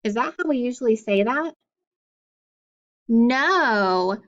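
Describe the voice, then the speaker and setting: A woman's voice: on the high side, animated, takes it slowly, lo-fi sound. A woman teacher giving a phonics lesson to young students, patient and questioning as she sounds out words.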